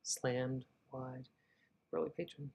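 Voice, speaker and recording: A man's voice: mid-range voice, steady tone, takes it slowly, vocal fry, darkish tone, rough recording. A man in the middle of a writing session, reading his draft prose aloud in an ordinary mid-range voice. He reads a stretch of narration, breaks off to weigh a phrase or suggest an edit under his breath, then returns to the text. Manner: talks to himself while editing. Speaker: fiction writer.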